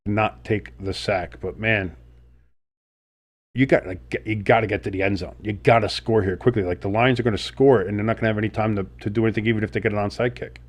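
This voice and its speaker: A man's voice: fairly low pitch, quick pace. Sick man calling play-by-play. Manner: blunt, swears casually, excitable on plays. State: sick, sniffly voice. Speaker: sports streamer. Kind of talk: play-by-play commentary and reaction.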